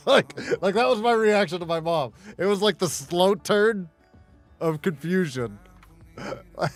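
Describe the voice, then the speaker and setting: A male game streamer with a slightly high voice tells rambling stories in casual chatter, swearing freely and breaking into laughter. Faint music plays behind him. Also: lively intonation, measured pace.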